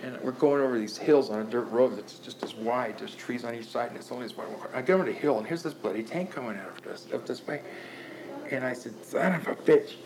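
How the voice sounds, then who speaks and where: An older man telling stories in casual talk, animated and profane, often restarting his sentences. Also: medium pitch, fast talker, background noise. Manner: animated, profane, laughing storyteller with many restarts. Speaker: guest storyteller.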